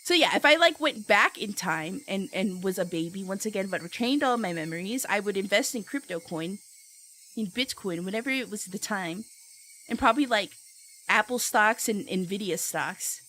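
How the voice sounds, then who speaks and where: A young woman streamer chatting casually with her viewers, giggly and playful, loudly reacting to chat. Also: mid-range voice, expressive, moderate pace.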